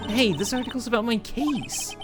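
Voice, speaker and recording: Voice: medium pitch, normal speed, pitched above the performer's own voice, natural voice. A streamer voicing a wry, exasperated young male defense lawyer while reading game dialogue aloud on a live stream. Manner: wry, questioning. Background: game music.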